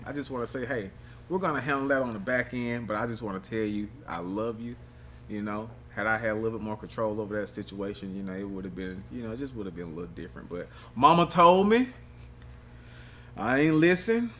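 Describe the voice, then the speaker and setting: Laid-back man with a bright voice. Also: fairly quick. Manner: laid-back, drops to a low murmur, laughs. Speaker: podcast co-host, newlywed groom. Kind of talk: casual chat.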